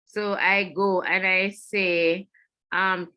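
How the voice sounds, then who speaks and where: A woman's voice: fairly low pitch, expressive, a little slow, sharp tone. A woman with a Jamaican accent giving a mental health webinar talk, earnest and repeating her key points. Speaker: webinar presenter. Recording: online webinar audio.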